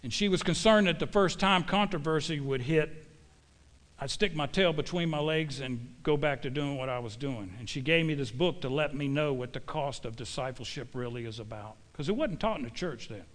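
A man's voice: on the high side, normal speed, a bit bright. A man preaching a sermon to a congregation in a church, in a folksy, emphatic way full of homespun sayings.

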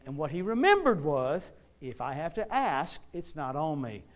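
A middle-aged American man preaching and telling stories, swinging between loud outbursts and hushed asides. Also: on the high side, very animated, moderate pace. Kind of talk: sermon storytelling.

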